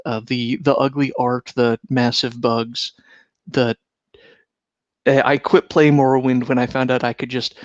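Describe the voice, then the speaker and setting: A man co-hosting a casual podcast chat, slightly hoarse, talking in a wry, sarcastic way. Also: medium pitch, fairly bright tone, no echo, lo-fi sound. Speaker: podcast co-host.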